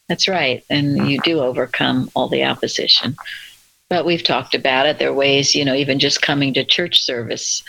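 A discussion leader with a gravelly, bright voice guides a church roundtable. The talk is gentle and conversational, recorded dry and close with almost no room sound. They often turn to others for their thoughts. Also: mid-range voice, no room sound, low-quality recording.

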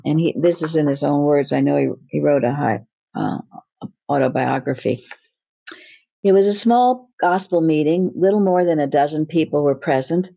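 A woman's voice: low-pitched, creaky, mellow. A woman giving an earnest, informal Bible teaching, often restarting her words. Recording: slightly dull lo-fi recording.

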